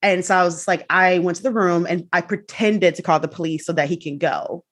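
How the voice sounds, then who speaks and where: A young adult woman telling a personal story in a casual, animated way, acting out the quotes. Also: on the low side, brisk. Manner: animated, acts out quotes with laughs and swearing. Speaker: guest.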